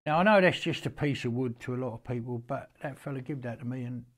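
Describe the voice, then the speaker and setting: An older Englishman talks casually and with feeling, in a homely, rambling way. His voice sits at an ordinary middle pitch, and he often stops and starts again mid-sentence. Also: fast. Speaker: horseman showing an antique. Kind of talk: casual storytelling to camera.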